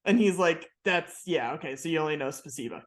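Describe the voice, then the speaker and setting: A woman's voice: deep voice, expressive, brisk. A woman co-hosting a podcast, chatting casually and swearing freely as she recaps a TV episode. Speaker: podcast co-host.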